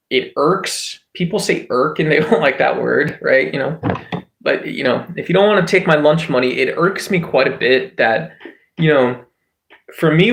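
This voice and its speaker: A man's voice: on the high side, vocal fry, a bit bright, reverberant. A man hosting a casual livestream chat, rambling with lots of filler words and restarts. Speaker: livestream host.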